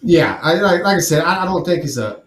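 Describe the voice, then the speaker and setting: A man with a slightly high voice talks sports in a blunt, cursing, animated way. His voice carries a noticeable room echo. He sounds like a casual podcast co-host. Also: fairly quick. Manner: profane, blunt, animated storytelling. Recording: roomy echo.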